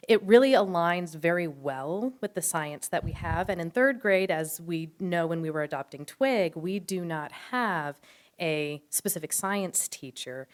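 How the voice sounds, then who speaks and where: A woman's voice: lowish voice, animated, unhurried. A woman teacher speaking earnestly and explaining at a school board meeting. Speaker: third grade teacher.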